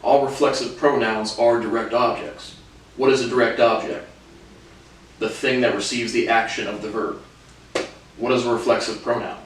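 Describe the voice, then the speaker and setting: In a casual video lesson on Spanish verbs, a man who is himself a language learner rambles hesitantly with many fillers. His mid-range voice has little pitch movement, normal speed, and frequent pauses, recorded from a distant mic in a very echoey room with a little hiss or hum.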